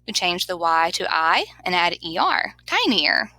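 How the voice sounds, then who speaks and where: A woman's voice: lowish voice, big pitch swings, a little slow, sharp tone, no room sound, low-quality recording. A woman teacher giving a grammar lesson over slides, patiently sounding words out syllable by syllable.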